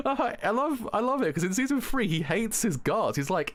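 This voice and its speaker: A man on a live stream reading a manga aloud and reacting to it, excitable, laughing and swearing, often stumbling over and repeating his words. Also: very high-pitched, measured pace.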